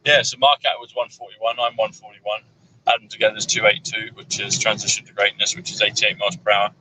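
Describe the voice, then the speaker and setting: A man's voice: lowish voice, level tone, fast talker, sharp tone, a little hiss or hum, low-quality recording. A man chatting casually in a moving car, rambling through numbers with plenty of fillers. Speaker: numerology guest. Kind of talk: casual chat on a road trip. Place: inside a moving car on a road trip.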